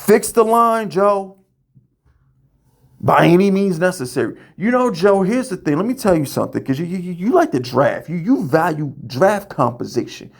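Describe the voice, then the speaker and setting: A man's voice: sits high, big pitch swings, normal speed, creaky. A man hosting a fan show, ranting heatedly and profanely, often stammering and repeating words as he fires questions. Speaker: podcast host.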